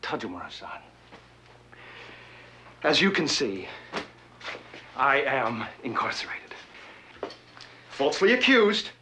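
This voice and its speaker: A man's voice: medium pitch, wildly swooping pitch, slow pace, long pauses, pushed and bright, a little hiss or hum, full character voice. An actor playing a scheming, theatrical middle-aged businessman in a TV drama, with florid, melodramatic pleading. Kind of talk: TV drama acting. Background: music.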